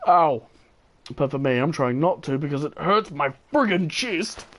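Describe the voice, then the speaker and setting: A man's voice: a little high, lively intonation, measured pace, a bit bright. A man giving casual, rambling gameplay commentary, tired and yawning, with enthusiastic, playful asides. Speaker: gaming video host.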